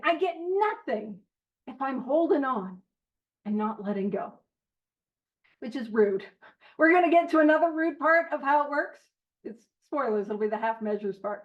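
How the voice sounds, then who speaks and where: Woman, study-group host, high voice, chatty, self-deprecating, earnest, dull lo-fi audio. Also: expressive, normal speed. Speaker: host leading a recovery literature study. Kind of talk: casual study-group talk with read-aloud passages.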